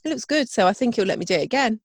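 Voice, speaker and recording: Speaking very fast in a slightly high, husky voice, a woman chats casually through a family story. She laughs often and acts out the voices of the people involved. There's no echo.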